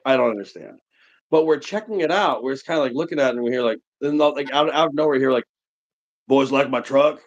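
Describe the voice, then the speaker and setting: This livestream host speaks fast in a mid-range voice: a man in his forties from New England. His casual storytelling rambles on, animated and thick with fillers, over muffled, low-fidelity stream audio.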